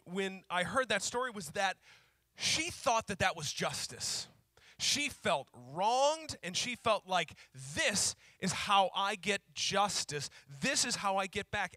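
High, bright-voiced preacher man. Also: no echo, studio quality. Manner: emphatic, repeats key phrases slowly; conversational storytelling with fillers. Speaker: pastor. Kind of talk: sermon.

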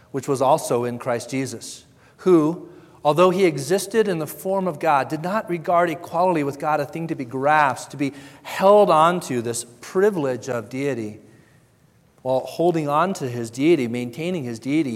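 A man's voice: fairly high pitch, moderate pace. Man, pastor preaching a sermon, earnest, conversational, repeats words, long hall reverb.

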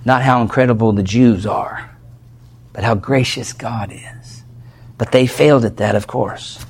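Male pastor teaching a Bible passage, mid-pitched voice, conversational, builds toward fervor. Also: fairly even intonation, measured pace, vocal fry, long pauses, a little hiss or hum. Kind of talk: expository sermon.

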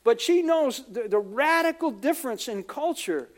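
A man's voice: very high voice, lively intonation, normal speed. A man from the United States, a pastor preaching a conversational sermon full of asides and acted-out quotes.

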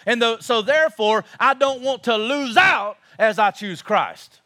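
A man's voice: very high-pitched, measured pace, bright, forceful tone. A man preaching a sermon as pastor, impassioned and emphatic, repeating his phrases for force.

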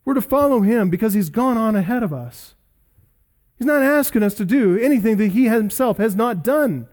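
A pastor with a rather high, slightly mellow voice delivers an expository sermon into a pulpit microphone. He's animated and emphatic, piling up repeated phrases and slowly drawing out key words for weight.

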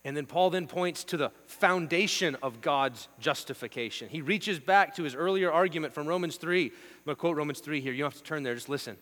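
Male preacher, higher voice, emphatic rhythmic delivery, long reverb and mains hum. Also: a little fast. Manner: emphatic, rhythmic lists, shifts between hushed and forceful. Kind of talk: sermon.

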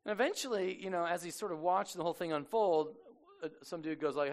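Man, preacher, conversational sermon, animated storyteller, casual slang. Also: sits high, fast. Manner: lively storyteller, slangy, acts out quotes.

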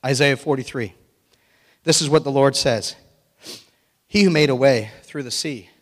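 Energetic pastor preaching in a reverberant hall. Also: male voice, medium pitch, normal speed. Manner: animated, breaks into excited shouting and laughter. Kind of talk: sermon. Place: church sanctuary.

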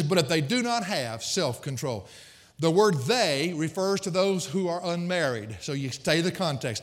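Folksy, bright-voiced preacher man. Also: fairly high pitch. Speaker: pastor. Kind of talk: sermon with personal stories. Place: church sanctuary. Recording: long reverb of a church hall.

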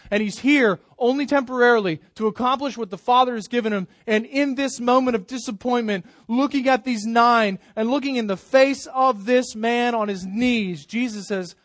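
A pastor preaching a sermon, pressing hard on key words and then dropping to a near hush. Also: male voice, very high-pitched, no echo. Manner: emphatic preaching, swells loud then drops soft.

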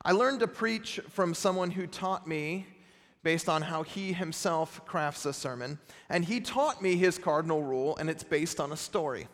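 A man preaches a sermon, telling stories in an easy, self-deprecating way. His voice sits high for a man. A long reverb trails each phrase through the sanctuary. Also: moderate pace, fairly bright tone. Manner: conversational, self-deprecating storytelling. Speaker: pastor.

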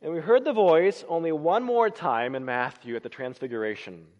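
A man preaching a sermon, swinging between loud emphatic lines and hushed, low phrases. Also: expressive, moderate pace, highs cut off. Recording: long reverb of a large hall.

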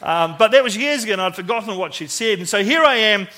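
A man's voice: sits high, expressive, quick pace, pushed and bright. A man with a New Zealand accent telling a personal story in a conversational sermon, acting out the voices he quotes.

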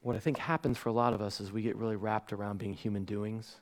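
Male pastor, 30s, sermon, lively storytelling, soft hushed reflection. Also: on the low side, fast. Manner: animated storytelling, acting out his own shouting at bedtime. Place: church stage before a congregation.

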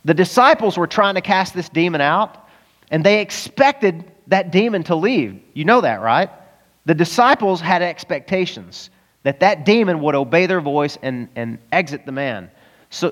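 A man pastor preaching an animated sermon, acting out voices with sudden jumps in pitch. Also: moderate pace. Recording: long reverb of a church hall.

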